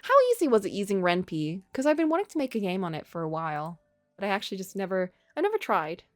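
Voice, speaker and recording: A woman's voice: mid-range voice, fast talker, no room sound, clean studio sound, faint music behind. A woman streaming a game live, reading its text aloud and chatting casually, laughing and gasping as she reacts. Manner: lively, chatty, laughs often, reacts with gasps.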